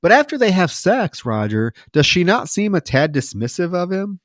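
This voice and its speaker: A podcast co-host with a high, sing-song voice recaps a film at normal speed, telling it in a casual, profane, wry way and acting out the characters' lines. The studio sound is clean and dry.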